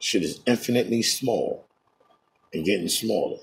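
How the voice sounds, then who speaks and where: A man's voice: lowish voice, expressive, moderate pace, gravelly, slight background noise. A man streaming a game and trading profane, boastful taunts, breaking into laughter at his own jokes. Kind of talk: trash-talking commentary over a game.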